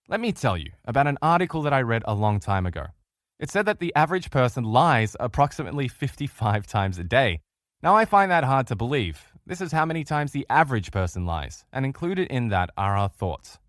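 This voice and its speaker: Male course instructor, mid pitch, very animated delivery, dry close mic. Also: brisk, dry recording. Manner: animated, acts out quoted voices of others. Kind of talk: recorded audio lesson.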